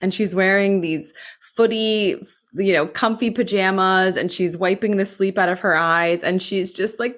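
Candid american woman telling her story. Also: medium pitch. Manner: candid, animated, fast bursts with filler likes. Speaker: physician assistant. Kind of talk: personal storytelling.

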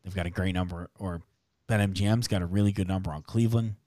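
A man hosting a sports betting podcast, chatting casually and briskly reeling off odds and numbers. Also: low voice, steady tone, warm tone, dry recording, clean studio sound.

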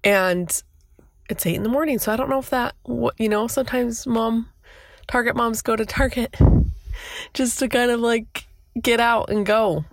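A woman's voice: on the high side, steady tone, measured pace, gravelly, no room sound. A woman in her thirties hosting a podcast, telling a personal story in an emotional, flustered, rambling way. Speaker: podcast host.

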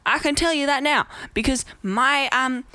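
This vlog host, a woman in her 20s, has a high voice with a sharp tone and speaks at a normal speed. A little drunk, she rambles chattily and pokes fun at herself in a casual rant to camera.

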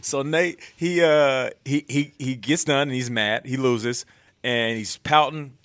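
A man's voice: medium pitch, a little slow, dry recording. A man in his thirties, a podcast co-host, telling a story casually and acting out voices as he goes. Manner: animated storyteller acting out quotes. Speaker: co-host, former NFL player.

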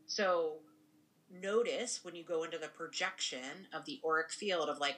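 Low, bright-voiced woman talking casually. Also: normal speed, low-quality recording. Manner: rambling, frequent "right?" tag questions. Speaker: podcast co-host and spiritual practitioner. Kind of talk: casual conversation.

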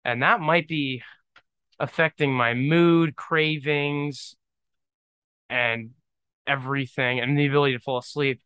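A young man hosting his own podcast, thinking out loud in a rambling, self-deprecating and joking way. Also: medium pitch, steady tone, unhurried, pauses often, smooth, no echo. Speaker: podcast host. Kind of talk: casual solo podcast monologue.

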